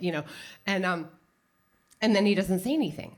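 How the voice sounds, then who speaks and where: A woman telling a funny personal story live on stage, animated and self-mocking, full of "like.". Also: fairly low pitch, fast talker. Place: small theater stage with audience.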